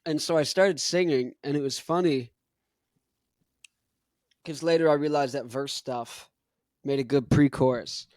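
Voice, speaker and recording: Young man, podcast host, casual rambling chat, slangy, fairly high voice. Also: fairly even intonation, measured pace, pauses often, darkish tone, no room sound, studio quality. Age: young adult. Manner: rambling, laid-back slang, chuckles between thoughts.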